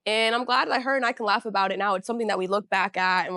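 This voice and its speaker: A woman's voice: mid-range voice, very fast, sharp tone, no echo, studio quality. A young woman from Northern California hosting a podcast, telling a casual storytime in a chatty, slangy way full of "you know" and "you feel me.". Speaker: podcast host.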